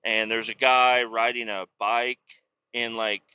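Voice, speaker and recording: A man hosts a podcast and tells his story in a loose, rambling way, with a lot of swearing. His voice is very bright and cutting. The recording sounds dull and lo-fi. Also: medium pitch, flat delivery, unhurried, smooth, no echo. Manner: profane, storytelling, worked-up. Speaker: podcast host. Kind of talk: casual rambling monologue.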